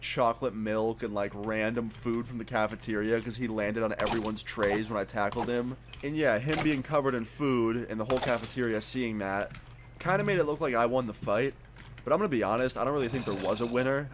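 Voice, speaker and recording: A man's voice: medium pitch, slight background noise. A young man telling a casual, profane storytime as a YouTuber, acting out his own lines. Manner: casual, profane, animated retelling. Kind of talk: storytime vlog.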